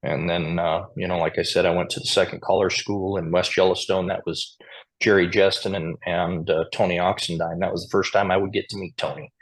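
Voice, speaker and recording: A deep-voiced man from Montana, a square dance caller, chats through anecdotes on a podcast, chuckling now and again. He speaks a little fast with little pitch movement, in a casual storytelling interview.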